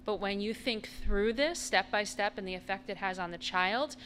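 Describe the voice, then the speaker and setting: A woman speaks as a mother in a school board meeting, her pitch sitting in the middle of the range. Her delivery is conversational and personal, earnest rather than formal, with light room noise in the background. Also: normal speed, a bit bright. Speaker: parent speaking at public comment.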